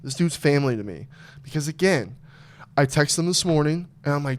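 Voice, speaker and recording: Man, podcast host, casual chat, profane, rambling, clear resonant voice. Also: fairly high pitch, lively intonation, fairly quick. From Arizona. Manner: loose, profane, rambling storytelling.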